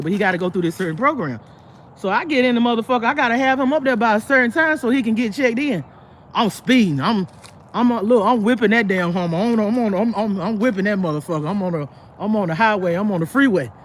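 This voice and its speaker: A woman hosting her own livestream, telling a long story to her viewers in a blunt, profane, rambling way, full of restarts, and bursting into animated impressions of the people in it. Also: medium pitch, a little hiss or hum. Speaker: livestream host. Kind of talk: casual live storytelling to viewers.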